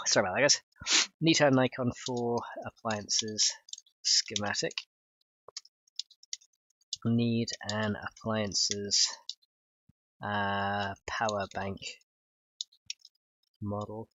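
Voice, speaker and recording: Stuffy-nosed male streamer, low, bright tone, rambling casual chat, dry lo-fi mic. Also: fairly even intonation, very slow, long pauses, slight background noise. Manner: rambling, thinks aloud with chuckles. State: stuffed-up nose. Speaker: livestreamer and game modder.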